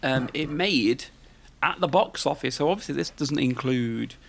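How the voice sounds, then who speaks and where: A man's voice: mid-range voice, moderate pace, creaky, a bit bright. A man, hosting a podcast in casual, rambling chat and tossing questions to his co-host. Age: 40s.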